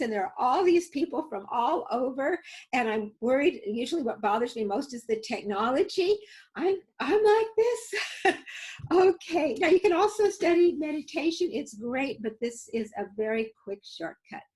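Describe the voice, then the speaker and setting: Over a video call, a woman with a high-pitched voice leads a safety webinar with live demos, telling stories and coaching viewers through exercises in an earnest manner. The recording is low quality.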